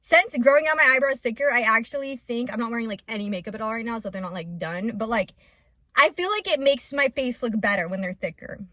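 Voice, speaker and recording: A woman's voice: on the high side, quick pace, sharp tone, no room sound, clean studio sound. A young adult woman talking openly to her viewers in a confessional vlog. She rambles and fills her speech with "like". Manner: rambling and open, with many "like" fillers. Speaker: vlogger and small business owner.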